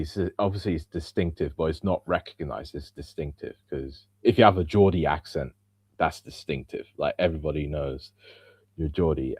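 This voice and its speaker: A man with a standard Southern English accent talks as a guest on a podcast. His voice is low and his sound is dry. He chats in an easygoing way, with plenty of "you know" and "like". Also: darkish tone, slightly rough, no room sound. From England. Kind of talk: casual chat.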